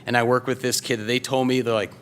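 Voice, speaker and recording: Onstage at a live story slam, a Wisconsin man in his thirties recounts a true personal story to the audience in a loose, casual style full of fillers and restarts. He talks fast at a medium pitch with little pitch movement, and there's a little hiss or hum.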